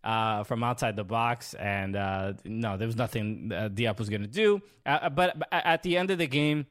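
A man hosting a sports podcast, recapping games in a casual, halting way with many restarts. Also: medium pitch, fairly bright tone. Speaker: podcast host.

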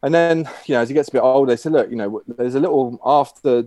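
A man's voice: mid-range voice, fast talker, warm tone, dry recording. A man guest telling a long shaggy dog joke, rambling with many fillers and restarts.

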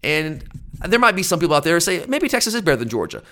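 A man's voice: on the high side, sing-song, fast talker, pushed and bright. A man hosting a sports fan podcast, exasperated and emphatic as he rants about his team. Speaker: podcast host. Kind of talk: opinionated fan podcast rant.

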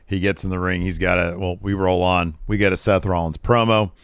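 A man co-hosting a casual wrestling recap podcast, who slips into loud, excited voices when he quotes the wrestlers. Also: sits low, fairly quick, clean tone, dry recording, studio quality. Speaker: podcast co-host.

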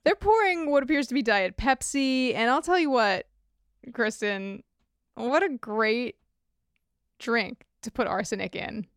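Woman cohost on a podcast, kinda high voice, dry jokey delivery, smooth close sound. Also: animated, a little slow, dry recording. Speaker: podcast co-host. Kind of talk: casual chat recapping a TV episode.

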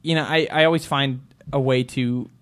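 A man on a talk show telling rambling, animated anecdotes and acting out the quotes. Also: mid-range voice, moderate pace. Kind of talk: casual storytelling chat.

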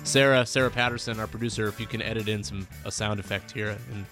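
A man's voice: fairly low pitch, fairly even intonation, fast, fairly bright tone, faint music behind. A man hosting a podcast interview in a studio, joking around and asking loose questions with fillers. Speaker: podcast host.

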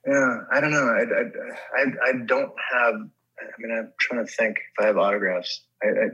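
Bright-voiced middle-aged man telling stories. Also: mid-range voice, fairly even intonation, normal speed, muffled recording. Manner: rambling storyteller with many restarts and swearing. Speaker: actor guest. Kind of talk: casual chat.

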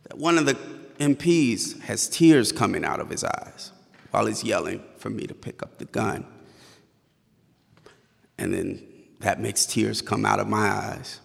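Gravelly man telling a story on stage. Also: lowish voice, in a large hall. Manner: halting, stammers when tense. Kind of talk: live personal storytelling.

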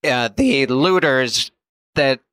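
A man's voice: mid-range voice, slow pace, fairly bright tone, clear, resonant tone, no room sound. A man co-hosting a podcast from home, telling rambling stories in casual chat with self-deprecating humor. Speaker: podcast co-host.

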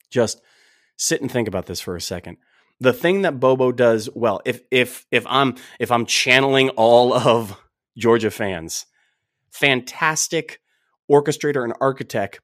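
A man's voice: medium pitch, no room sound, clean studio sound. A man hosting a sports podcast, talking in a casual, emphatic, folksy way. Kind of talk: casual opinionated sports talk.

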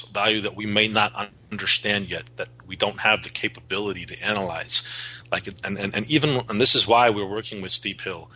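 A man's voice: deep voice, sharp tone, slightly rough, poor audio. A man being interviewed as a guest, explaining his work in an earnest way with frequent restarts. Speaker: guest, cannabis seed breeder. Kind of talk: podcast interview.

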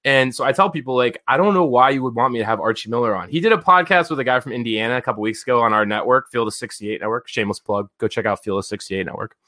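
A man in his thirties hosting a podcast, telling stories in a casual, profane, animated way, full of filler words. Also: medium pitch, fast, hardly any pauses. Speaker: podcast host. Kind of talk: casual storytelling chat.

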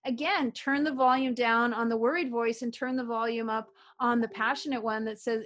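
A middle-aged woman from Canada, a guest telling stories in a casual interview, upbeat and animated, repeating affirmations. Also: on the high side, moderate pace, hardly any pauses. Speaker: guest, author and publisher.

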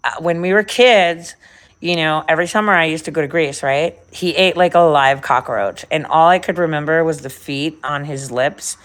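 Chatting casually with a co-host, a livestream host with a deep voice talks at a moderate pace. She swears freely and wanders from one story to the next.

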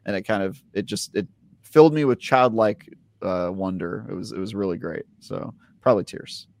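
A man's voice: lowish voice, normal speed, gravelly, darkish tone, dry recording. A man co-hosting a casual gaming podcast, rambling and restarting his sentences as he thinks aloud. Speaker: podcast co-host. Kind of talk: casual chat.

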